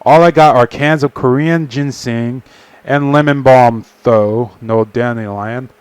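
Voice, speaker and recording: A man's voice: mid-range voice, unhurried, a little mellow, clear, resonant tone, no echo. A young man casually reading a visual novel aloud on a stream, with profane asides. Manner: casual, swearing, laughing asides.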